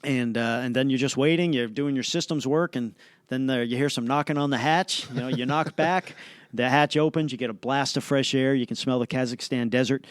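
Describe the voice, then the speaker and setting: A man, a guest on an interview podcast, telling an animated play-by-play story with many fillers and restarts. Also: medium pitch, brisk, clear, resonant tone, no echo, clean studio sound. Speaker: astronaut guest.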